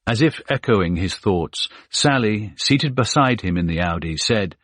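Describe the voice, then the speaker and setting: Deep, husky male audiobook narrator. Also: lively intonation, unhurried, few pauses, a bit bright, no room sound. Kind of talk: scripted narration.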